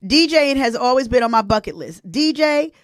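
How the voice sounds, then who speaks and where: A woman's voice: on the high side, expressive, normal speed. A woman, hosting a casual live-stream chat, chatty and emotional as she talks to her viewers. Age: 40s. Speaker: host.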